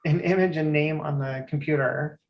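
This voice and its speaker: A woman's voice: low voice, steady tone, normal speed, lo-fi sound. A woman in her thirties from Eastern Oregon, a guest in a casual interview, speaking earnestly and restarting her sentences.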